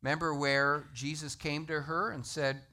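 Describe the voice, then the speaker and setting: A man preaching a sermon, emphatic and animated, citing scripture references to the congregation. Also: fairly high pitch, moderate pace. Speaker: pastor.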